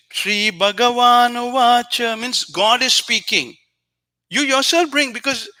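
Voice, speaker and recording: A man hosting a spiritual show, giving an earnest, repetitive teaching talk addressed straight to a viewer, now and then softly chanting phrases. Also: high-pitched.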